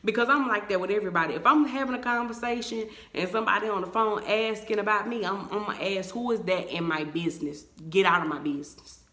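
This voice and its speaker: Animated young woman telling a fight story. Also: medium pitch, fast talker, few pauses. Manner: animated, emphatic storytelling to viewers. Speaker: vlogger. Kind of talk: storytime vlog. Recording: echoey room.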